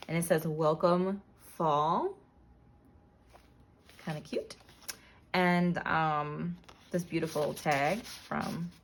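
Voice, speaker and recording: A woman casually narrating a flip-through of her handmade journal, relaxed, with frequent ums and self-corrections. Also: sits low, slight background noise.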